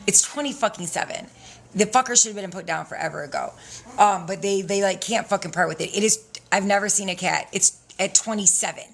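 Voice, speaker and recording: A woman's voice: mid-range voice, brisk, vocal fry. A young woman hosting a casual livestream, talking bluntly with lots of swearing and frequent laughter. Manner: profane, blunt, laughs often. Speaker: livestream host selling credit classes.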